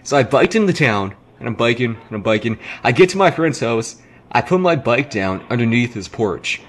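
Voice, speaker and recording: Animated young man telling a story. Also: mid-range voice, normal speed. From Canada. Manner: animated, acts out quotes, swears freely. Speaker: gaming commentator. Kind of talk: casual storytelling commentary.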